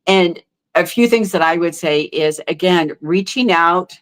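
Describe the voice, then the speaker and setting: A middle-aged woman speaking as a guest in a candid podcast interview. Her voice sits a little low, and she talks in a heartfelt, halting way, full of fillers and restarts.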